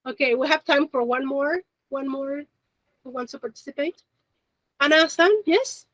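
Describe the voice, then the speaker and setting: A high-pitched woman leads an online beginner language lesson. Her voice sounds close and dry, with no room echo. She keeps asking her students "okay?" and "yes?" to keep them with her. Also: normal speed. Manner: encouraging, checks in often with "okay?" and "yes?". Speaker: Japanese teacher. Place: Japanese language school in Monterrey. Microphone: video call.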